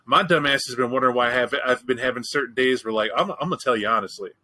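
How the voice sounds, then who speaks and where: A man's voice: mid-range voice, racing, bright, forceful tone, poor audio. A man hosting a show, chatting casually and telling a candid, profane, joking story. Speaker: podcast host. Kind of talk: casual chat.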